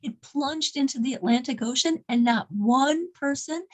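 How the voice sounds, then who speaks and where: A woman's voice: high-pitched, normal speed, low-quality recording. A woman casually telling a story to a small group as its leader, often repeating words and restarting her sentences.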